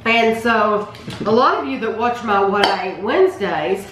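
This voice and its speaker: A woman's voice: mid-range voice, lively intonation, normal speed, noisy background. Woman host chatting thru a chocolate taste test, echoey room, dishes clinking behind. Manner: chatty, descriptive, restarts often. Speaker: vlog host. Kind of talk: casual taste-test chat.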